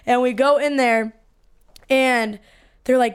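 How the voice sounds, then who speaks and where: A young woman with a high, smooth voice tells a story on a podcast. She is animated and casual, swears freely, and acts out what people said. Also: unhurried. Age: 20s. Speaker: podcast co-host.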